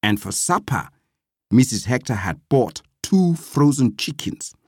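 Slow, wildly expressive storyteller. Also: medium pitch, slightly rough. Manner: lively, dramatic storytelling. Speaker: narrator. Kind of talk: storybook reading.

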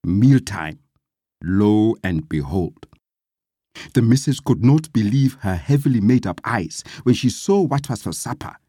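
A narrator reading a story aloud with lively, dramatic delivery. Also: mid-range voice, measured pace, breathy edge, no echo, studio quality.

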